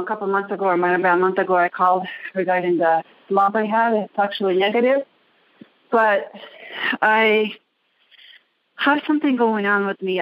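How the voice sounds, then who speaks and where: A woman calls in by phone from a gym bathroom, out of breath. She talks haltingly and keeps searching for words. The line sounds dry and lo-fi. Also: mid-range voice, no echo. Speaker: caller. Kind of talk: phone-in call.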